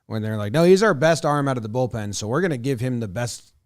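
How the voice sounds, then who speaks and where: A man co-hosting a casual sports podcast. He rambles loosely and swears here and there, in a middle-pitched voice recorded close and dry with no room sound. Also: lively intonation, fast, dry recording. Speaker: podcast co-host.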